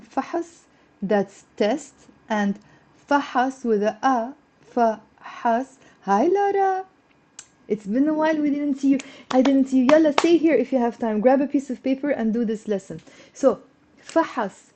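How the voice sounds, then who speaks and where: A woman teaching Arabic on a live stream, chatty and encouraging, greeting viewers and drilling words slowly. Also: on the high side, warm tone. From Lebanon. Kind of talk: live-streamed language lesson. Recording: dull lo-fi stream audio.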